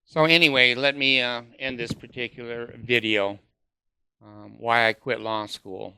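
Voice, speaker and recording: A man's voice: mid-range voice, fairly even intonation, measured pace, vocal fry, sharp tone, smooth, no echo, clean studio sound. A man vlogging in a rambling, hesitant way, full of fillers and casual swearing.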